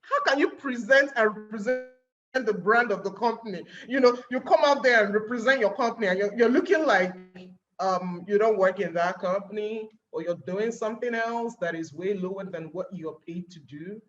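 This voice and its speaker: A woman's voice: mid-range voice, normal speed, a bit bright, highs cut off, soft background music. A woman with a Nigerian accent giving a webinar talk as guest speaker, acting out little scenes and firing rhetorical questions.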